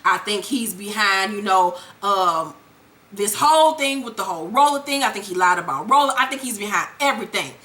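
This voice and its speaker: A brooding, controlling man speaks low and insistent, as a man puts him on. He is measured but pushy, his voice dropped under the speaker's own. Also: expressive, pushed and bright. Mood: suspicious.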